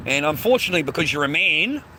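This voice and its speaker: Aussie bloke rambling on a stream outside by the beach, swears every other word, calls everyone mate, fairly high bright voice. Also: male voice, sing-song, fast, slight background noise. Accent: Australian. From Australia. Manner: swears constantly, tags lines with mate and bro. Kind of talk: casual rambling walk-and-talk stream. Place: outdoors on a suburban street near the beach.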